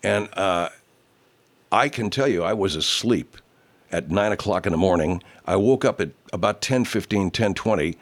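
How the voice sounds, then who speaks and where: A man's voice: low-pitched, expressive, normal speed. A man hosting his own online show, chatting casually and rambling, swearing freely and mocking himself. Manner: many fillers and restarts, drifts off topic. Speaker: host of an online radio show.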